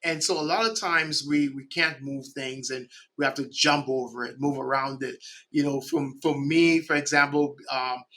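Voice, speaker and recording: A middle-aged man from the Caribbean, a podcast guest speaking in an animated way and often checking in with "right?". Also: medium pitch, moderate pace. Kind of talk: conversational interview.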